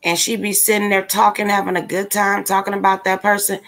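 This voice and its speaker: A woman's voice: medium pitch, monotone, fairly quick, fairly bright tone. A woman hosting a casual livestream, ranting bluntly and with exasperation straight to her viewers. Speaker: livestream commentator.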